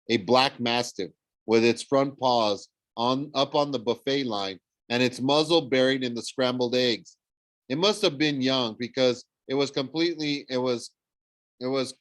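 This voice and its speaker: A man reading a novel aloud, animated, with frequent slips and self-corrections. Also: medium pitch, dry recording. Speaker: audiobook reader. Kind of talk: storybook read-aloud narration.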